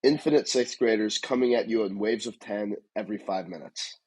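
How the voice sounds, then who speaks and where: A man's voice: fairly low pitch, brisk, a little mellow, husky, poor audio. A man working as a podcast intern, reading out game questions in an easygoing, slightly hesitant way. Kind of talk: casual podcast segment.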